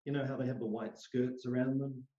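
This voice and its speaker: A middle-aged man, an interview guest, telling personal stories in an animated way and acting out the voices he quotes. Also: medium pitch, fairly quick. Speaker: interview guest, psychic medium. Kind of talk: storytelling in a conversational interview. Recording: roomy, dull lo-fi sound.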